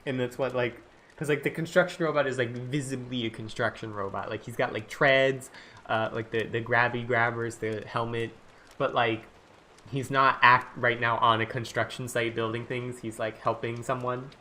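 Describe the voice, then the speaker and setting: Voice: mid-range voice, steady tone, moderate pace, sharp tone. Rambling streamer chatting while writing. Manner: rambling, full of "like" fillers and restarts. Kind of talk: casual live-stream chat while writing.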